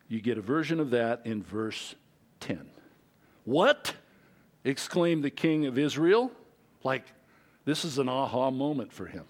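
A man preaching a conversational sermon, shifting between loud, excited stretches and quiet, low asides. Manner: lively, conversational preaching with wide swings in pitch and loudness. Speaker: pastor.

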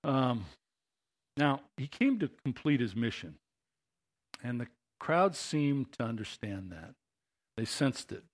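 A man's voice: mid-range voice, very animated, takes it slowly, long pauses. A man preaching a sermon as pastor, talking conversationally and building to impassioned emphasis.

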